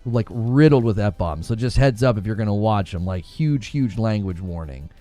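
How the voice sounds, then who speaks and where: Lively, animated man chatting casually. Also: fairly low pitch, normal speed, no echo, faint music behind. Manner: rambling, many fillers, laughs easily. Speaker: gaming news podcast host. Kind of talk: casual chat.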